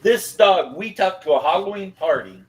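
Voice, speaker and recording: A man's voice: high-pitched, normal speed. Man chatting casually on a stream. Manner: rambling, animated storytelling. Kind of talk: casual chat.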